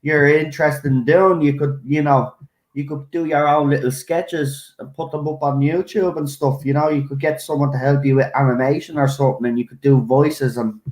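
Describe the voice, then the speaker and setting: A man's voice: fairly high pitch, fairly even intonation, normal speed, darkish tone. A man on a stream as a guest, giving blunt opinions in casual chat, often restarting. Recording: echoey room.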